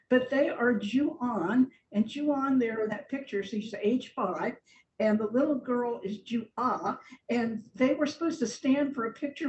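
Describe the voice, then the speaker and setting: An older woman giving a chatty, informal talk about her slides as a church guest speaker, laughing often. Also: darkish tone. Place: large church hall. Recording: echoey hall, distant mic, faint rumble.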